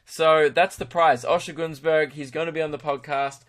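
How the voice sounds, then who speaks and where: A young Australian man hosts his own podcast in a rambling, crude monologue, often poking fun at himself. His voice sits on the high side with little pitch movement, moving at a normal speed with a slightly bright tone.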